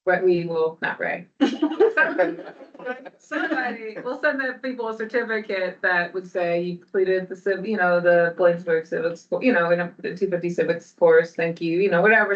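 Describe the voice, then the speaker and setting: Meeting participant, flat monotone, rambling, muffled recording. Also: medium pitch. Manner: rambling, thinking aloud with restarts. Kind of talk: meeting discussion. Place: meeting room.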